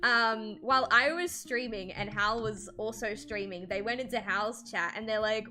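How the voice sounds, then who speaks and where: Bright-voiced woman streamer ranting. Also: a little high, moderate pace, hardly any pauses, soft background music. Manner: animated, swears freely, frequent laughs. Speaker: streamer and artist. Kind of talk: casual livestream chat while drawing.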